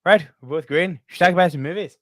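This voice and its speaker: A man's voice: fairly high pitch, quick pace, fairly bright tone. A man co-hosting a casual movie podcast, jokey, laughing often and swearing freely. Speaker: podcast co-host. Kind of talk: casual chat.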